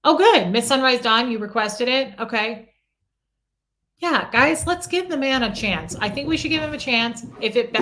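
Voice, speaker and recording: A woman's voice: on the high side, animated, normal speed, bright, forceful tone. A middle-aged woman hosting a casual livestream, chatting and answering viewer comments by name. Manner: coos baby talk at her small dog.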